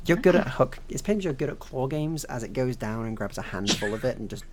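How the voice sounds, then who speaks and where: A game master narrating a tabletop game in a relaxed way, laughing often and making little sound noises. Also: medium pitch, a little fast, hardly any pauses, heavy background noise.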